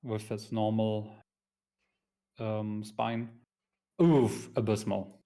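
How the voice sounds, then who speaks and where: A man's voice: lowish voice, level tone, very slow, warm tone. A man playing a tabletop game on stream, talking hesitantly with many ums. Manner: hesitant, many ums, mutters when he slips. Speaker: player.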